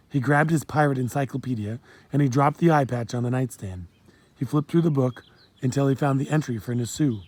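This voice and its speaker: A man reading a children's storybook aloud in a steady, plain storytelling manner. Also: medium pitch. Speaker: audiobook narrator. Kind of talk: storybook narration.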